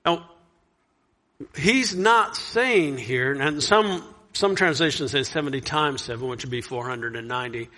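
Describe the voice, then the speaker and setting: A man preaching a sermon, earnest, reading scripture loudly and dropping soft to reflect. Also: medium pitch, measured pace. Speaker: pastor.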